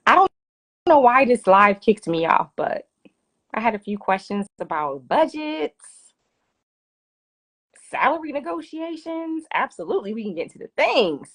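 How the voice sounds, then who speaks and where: A woman's voice: a little high, sing-song, a little slow, pauses often, fairly bright tone, slightly rough. A woman hosting a casual live finance Q&A from her phone, chatty and laughing often. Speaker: finance livestream host.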